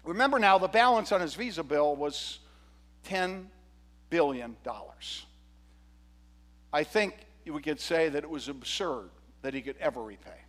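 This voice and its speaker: A male pastor preaching a sermon, retelling a parable with animated, humorous storytelling. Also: fairly high pitch, measured pace, long reverb tail.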